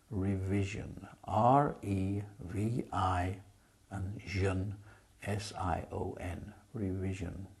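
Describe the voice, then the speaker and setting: A man's voice: fairly low pitch, vocal fry, dark tone, slightly rough. A man teaching a spelling lesson, patiently sounding out syllables and words. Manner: patient, drawn-out sound demonstrations.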